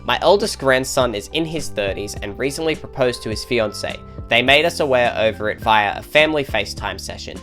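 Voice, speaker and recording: A man's voice: mid-range voice, expressive, fairly quick, few pauses, fairly bright tone, faint music behind. A man co-hosting a comedy show, reading online posts aloud in a casual way, with laughs and jokey asides. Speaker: co-host reading online stories.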